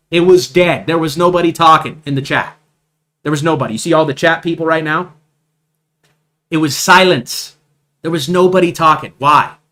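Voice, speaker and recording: A man's voice: medium pitch, bright, forceful tone. Emphatic man breaking down trading charts. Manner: emphatic, repeats points, asks "right?" often. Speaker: trading stream host. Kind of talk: live market commentary over charts.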